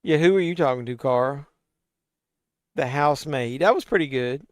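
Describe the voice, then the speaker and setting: A man with a fairly high, smooth voice hosts a live stream from a home desk mic, answering chat as he goes. He is tipsy and swears freely. The sound is dry and close. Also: normal speed, no room sound. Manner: loose and profane, tipsy, reacting to chat. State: tipsy from drinking. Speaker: host of a live watch-along stream. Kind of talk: casual live-stream chat, reading chat aloud.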